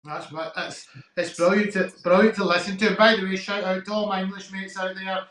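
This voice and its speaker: A Scottish man hosting a podcast interview, affirming his guest warmly with some hesitant fillers. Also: high voice, level tone, fairly quick, echoey room, poor audio. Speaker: podcast host. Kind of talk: interview conversation.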